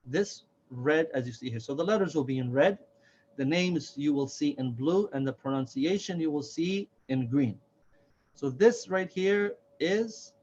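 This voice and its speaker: A man teaching a slow, careful alphabet lesson, patiently repeating each letter's name and sound. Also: on the high side. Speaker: Quran reading teacher. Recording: dull, lo-fi sound.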